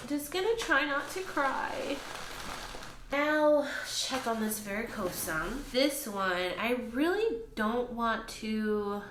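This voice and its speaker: Chatty woman, plant vlogger. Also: fairly high pitch. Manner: chatty and expressive, talks to her plants. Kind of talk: casual vlog narration. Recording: echoey room with faint ambient noise.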